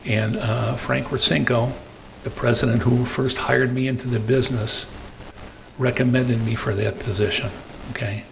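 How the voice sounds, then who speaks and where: An older man giving a rambling storytelling talk at a meeting, tagging his sentences with "okay?" and pausing on fillers. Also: medium pitch, steady tone, creaky, fairly bright tone, slight background noise, poor audio. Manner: hesitant fillers between phrases. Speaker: guest speaker.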